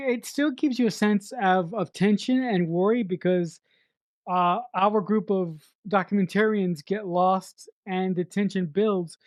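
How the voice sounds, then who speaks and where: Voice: medium pitch, a little mellow, no echo, studio quality. A middle-aged podcast co-host reviewing a film in casual chat, emphatic, repeating words for effect and swearing freely.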